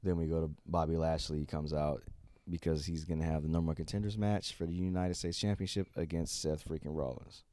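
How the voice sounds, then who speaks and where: A man co-hosting a podcast, casually recapping wrestling shows and acting out the wrestlers' lines in quick voices, swearing now and then. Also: extremely low pitch, flat delivery, dark tone, no room sound, clean studio sound. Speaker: podcast co-host.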